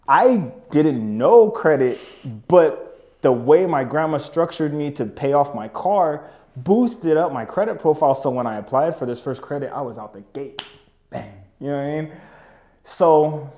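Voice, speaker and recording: A man's voice: on the high side, expressive, normal speed, a little mellow. Laid-back young man telling stories with slang. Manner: laid-back, slangy, keeps saying "you know what I mean". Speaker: podcast guest, business owner. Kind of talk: casual storytelling chat.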